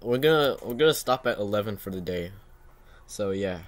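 A teenage boy hosting a casual reaction video at home, excitable and self-mocking, saying "bro" a lot. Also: lowish voice, moderate pace. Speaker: channel host reacting to his own old basketball video.

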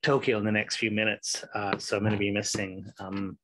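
A man teaching a recorded meditation class, chatting loosely with fillers before reciting a sutra in a steady voice. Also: on the low side, a little fast, a little hiss or hum, rough recording. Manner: relaxed, rambling intro with fillers, then steady recitation. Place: home, recording solo before travel.

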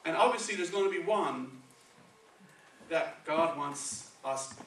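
His voice is fairly high, expressive, and fairly bright, and he takes it slowly. A man with a Spanish accent gives a conversational sermon, frequently checking with the congregation via "okay" and "right." The recording, made from far off in an echoey church sanctuary, has slight background noise.

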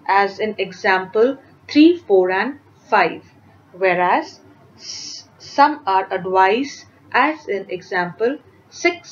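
A woman teacher walks children through a grammar lesson, reading each example sentence slowly and deliberately. Her voice comes through a slightly dull recording with a faint hiss underneath. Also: mid-range voice. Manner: slow, careful, clearly enunciated reading of example sentences.

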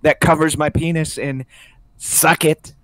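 A man's voice: on the high side, steady tone, unhurried, a bit bright, dry recording, pitched above the performer's own voice. Man putting on a blustering old politician. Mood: bragging. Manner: bragging, repetitive superlatives. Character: blustering boastful older male politician.

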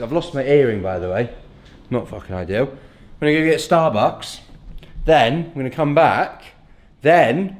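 A young man, a fitness coach, chatting casually in a vlog, joking and swearing freely. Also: mid-range voice. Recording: echoey room.

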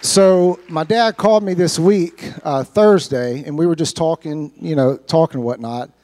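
A man's voice: on the high side, moderate pace, a little mellow. A man giving an earnest, heartfelt personal testimony to a church congregation, sometimes repeating words as he speaks. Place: church sanctuary.

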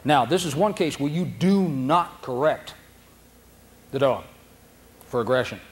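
This seminar lecture on dog training comes from a noisy old video tape, delivered by a man with a mid-range voice at a measured pace. Folksy and animated, he voices dogs' thoughts in goofy impressions.

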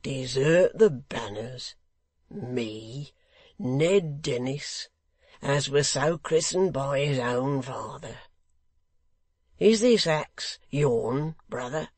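Guy reading as a grovelling hangman, slow and husky, wheedles every line. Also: medium pitch, animated, no echo, exaggerated voice. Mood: wheedling. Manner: ingratiating, conciliatory, louder and slower. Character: shabby fawning hangman, wheedling middle-aged man.

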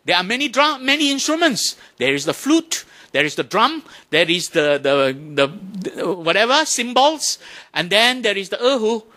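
A man giving a Buddhist dharma talk to an audience, animated, often asking questions and imitating sounds to make his points. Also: sits high, normal speed. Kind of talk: lively talk to a temple audience.

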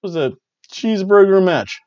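A man's voice: sits high, lively intonation, fairly quick, darkish tone, no echo, highs cut off. A man hosting a casual wrestling review, rambling and joking as he recaps matches. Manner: rambling, jokey, repeats catchphrases.

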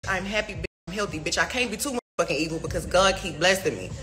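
A woman's voice: fairly low pitch, very fast, pushed and bright. A young woman in a heated, profane livestream rant, firing off rhetorical questions. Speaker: artist speaking to fans.

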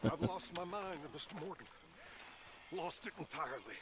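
A man's voice: a little high, lively intonation, moderate pace, natural voice. An actor playing a self-pitying older male preacher who rambles about having lost his mind, heard as game audio.

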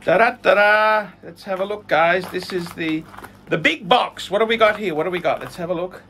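A middle-aged man hosting his own vlog, chatting casually through a live unboxing, excitable and humming to himself as he opens a parcel. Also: high-pitched, fairly quick, slight background noise. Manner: excitable, hums while working, mock-sarcastic. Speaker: vlog host.

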